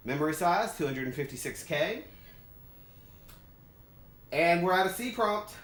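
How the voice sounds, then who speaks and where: Excitable middle-aged retro computer vlogger. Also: medium pitch, measured pace, pauses often. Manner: excitable, thinks aloud, stumbles over words. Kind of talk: casual unboxing and setup commentary.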